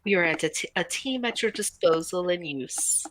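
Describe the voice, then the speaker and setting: A woman's voice: lowish voice, animated, moderate pace, a bit bright, slight background noise, poor audio. A woman playing in a tabletop game who talks in a playful, chatty way. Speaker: player. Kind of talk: tabletop game play over voice chat.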